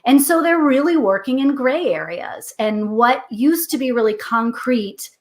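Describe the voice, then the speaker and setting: A woman's voice: high voice, unhurried. Chatty woman giving parenting advice. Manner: chatty and explanatory, acts out parent and kid lines. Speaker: author and guest expert on parenting. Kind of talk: conversational interview advice.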